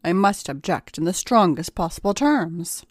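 A woman's voice: on the low side, normal speed, no echo, close to an everyday voice. Huffy, formal male prosecutor raising objections, dry and close, voiced by a woman. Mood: indignant. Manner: protesting, emphatic, formal. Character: indignant, exasperated male prosecutor.

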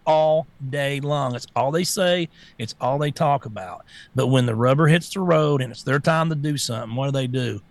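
A man's voice: on the high side, normal speed, gravelly, no echo. A man co-hosting a casual political talk show, blunt and sarcastic and swearing freely.

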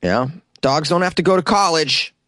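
A young man with a Boston accent hosts a casual solo podcast from a small closet studio, joking, putting himself down, and laughing often. His voice is fairly high and sharp, and he talks fairly quickly. There's no echo.

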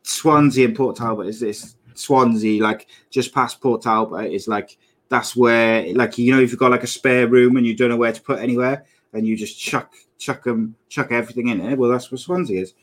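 A man's voice: medium pitch, steady tone, moderate pace. A Welsh man co-hosting a podcast, rambling and teasing in casual chat. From Wales. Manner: rambling, teasing, lots of fillers. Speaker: podcast co-host.

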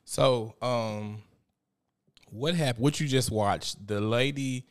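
A man's voice: medium pitch, takes it slowly. A young man hosting a live show, chatting casually and animatedly with lots of swearing. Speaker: show host. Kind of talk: casual live-stream commentary.

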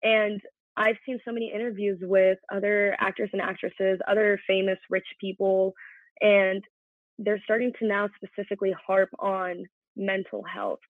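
A woman's voice: mid-range voice, flat delivery, moderate pace, no room sound. A woman in her twenties, a podcast guest, talking in an earnest, reflective way, working through her feelings openly in casual conversation. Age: 20s. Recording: tinny phone-like line, dry.

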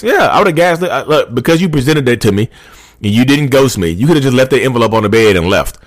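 A man's voice: mid-range voice, expressive, quick pace, no echo, clean studio sound. A man hosting a podcast, giving advice in a loose, repetitive, conversational way and speaking straight to his listeners. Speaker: podcast host. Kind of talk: casual advice monologue.

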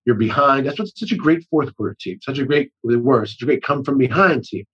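A man's voice: medium pitch, expressive, fairly quick, fairly bright tone, slightly rough, dull audio. A middle-aged man talking as a guest in a casual conversation, rambling and often restarting his sentences. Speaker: actor-director guest.

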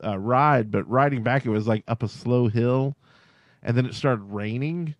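A man's voice: mid-range voice, normal speed, no echo, dull audio. A man co-hosting a podcast, chatting casually and rambling with lots of "like" fillers. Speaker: podcast co-host. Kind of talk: casual chat.

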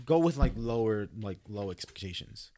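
A man's voice: on the low side, expressive, moderate pace, warm tone, dry recording. A man talking casually on a podcast, rambling with many restarts and heavy swearing. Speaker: podcast host.

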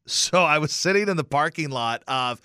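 A man's voice: a little high, lively intonation, moderate pace, bright, forceful tone, clean tone, dry recording, studio quality. A man hosting a radio show, telling a rambling, self-deprecating story in a casual monologue, with some swearing. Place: radio station studio.

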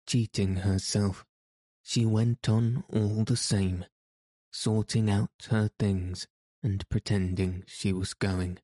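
Slow, low-voiced male audiobook narrator. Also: no echo. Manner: measured, even reading. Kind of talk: scripted narration of a classic novel.

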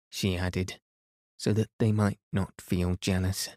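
Slow soothing male bedtime reader. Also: sits low, little pitch movement, darkish tone, dry recording, studio quality. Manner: soothing, unhurried. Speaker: sleep podcast reader. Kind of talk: slow bedtime story reading.

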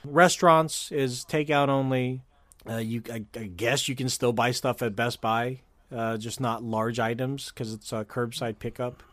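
A man's voice: mid-range voice, fairly even intonation, a little slow, fairly bright tone, no room sound. Chatty california guy rambling w lots of ums, mid voice, dry close sound. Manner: chatty, rambling with fillers and restarts. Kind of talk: casual chat.

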